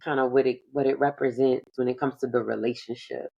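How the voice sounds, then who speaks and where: A woman hosting a relaxed conversation, reflective and loosely phrased with lots of "like". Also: very deep voice, brisk, creaky, slightly rough, muffled recording. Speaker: podcast host. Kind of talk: casual conversation.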